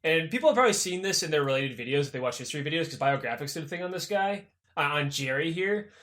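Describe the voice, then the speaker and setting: A young man co-hosts a casual podcast, spinning a history story with plenty of swearing. His voice sits high and swings widely in pitch. He breaks into quick voices for the people he describes. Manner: animated, profane, acts out characters in quick voices. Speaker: podcast co-host.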